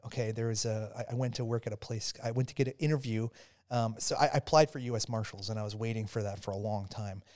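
A man, a former soldier, telling a story as a podcast guest, stumbling over restarts and warming into animated retelling. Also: mid-range voice. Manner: halting, many restarts, grows animated while telling a story. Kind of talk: casual storytelling interview.

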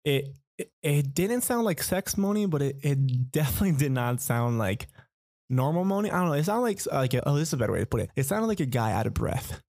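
Gravelly young man telling a rambling story. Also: mid-range voice, very animated, a little fast, darkish tone, dry recording, studio quality. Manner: rambling, profane, lots of fillers. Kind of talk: casual storytelling.

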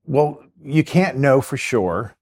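A man's voice: mid-range voice, lively intonation, takes it slowly, darkish tone. A man, a Catholic priest and exorcist, talking earnestly in an interview and telling stories with quoted dialogue. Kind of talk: conversational interview storytelling.

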